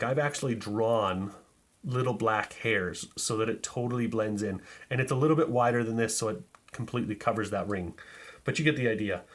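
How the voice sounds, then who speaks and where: A man's voice: mid-range voice, fairly bright tone. A man casually teaching a magic trick, chatty and loose, demonstrating as he talks. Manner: casual, chatty, filler-heavy, demonstrating with hands. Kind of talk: casual tutorial explanation.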